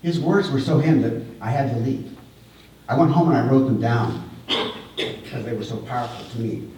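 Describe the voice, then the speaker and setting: A middle-aged man gives a heartfelt memorial eulogy in a mellow, darker, medium-pitched voice, pausing and repeating himself as he goes. He sounds far from the mic in a large, very echoey hall, with a faint room hum in the background.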